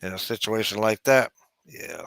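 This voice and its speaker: A man's voice: lowish voice, moderate pace, creaky, a bit bright, dry recording. A man in casual chat, rambling with lots of "you know" and restarts.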